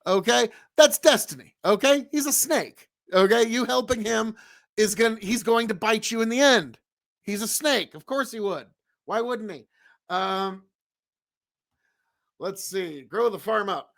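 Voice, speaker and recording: A male streamer talks live to his chat in a rambling, emphatic way, circling back and repeating his points for weight. His voice sits a bit higher than most men's. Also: measured pace, creaky, fairly bright tone.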